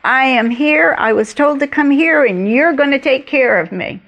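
A woman's voice: high-pitched, normal speed, a bit bright, pitched above the performer's own voice. A woman voicing a proud, offended male army commander, speaking with huffy indignation. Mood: indignant.

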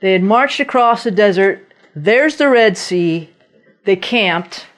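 A woman delivers a sermon at an unhurried pace. She tells the stories in a lively way and acts out the voices of the figures in them. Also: mid-range voice. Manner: animated storytelling, acting out voices of biblical figures. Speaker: preacher.

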